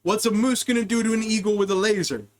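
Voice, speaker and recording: Speaking fast in a high-pitched voice, a podcast host from the US rambles through crude comic stories. He bounces between wild tangents as he goes.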